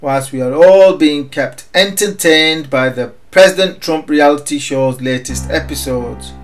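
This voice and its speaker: A man delivering scripted market commentary, his voice sitting a little high for a man. He leans on his words with emphatic, sardonic weight, and faint music plays underneath. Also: unhurried. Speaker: market analyst.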